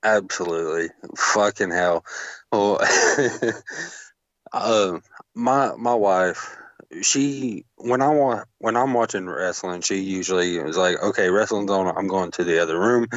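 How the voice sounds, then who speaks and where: Male co-host, lowish voice, laid-back and profane, dull lo-fi dry mic. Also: slow pace, fairly bright tone, dry recording. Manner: laid-back, swears, laughs easily. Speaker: podcast co-host. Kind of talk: casual wrestling review chat.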